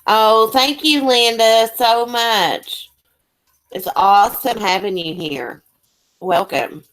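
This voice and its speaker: A woman's voice: on the high side, takes it slowly, fairly bright tone. A woman hosting a casual live stream, chatting folksily with her guest and viewers. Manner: chatty, folksy, addresses chat viewers by name.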